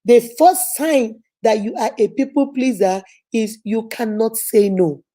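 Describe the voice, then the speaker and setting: A woman's voice: fairly high pitch, unhurried, warm tone. A woman giving a repetitive, emphatic motivational talk about self-help.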